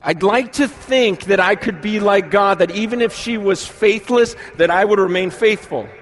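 A pastor in his forties, with a high voice, preaches a sermon to a live congregation. He's animated, quick to act out the people he quotes, and swings between urgent and hushed tones.

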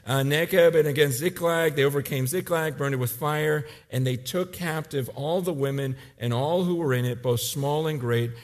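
A man in his forties preaching a sermon, telling a story with animated swings between loud urgency and quiet intensity. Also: fairly high pitch. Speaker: pastor.

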